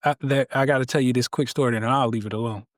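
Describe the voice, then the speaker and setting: A man's voice: mid-range voice, steady tone, fast, no echo, clean studio sound. A man guest on a podcast, telling a story in an emphatic, preacher-like way that draws out key words.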